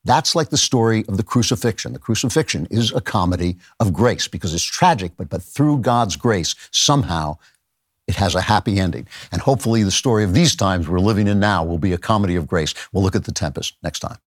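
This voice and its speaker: A man hosting a podcast, giving a commentary monologue on literature, slowing down to stress his key points. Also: low voice, animated, no room sound, studio quality. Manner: reads out quoted verse in a raised voice. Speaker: podcast host.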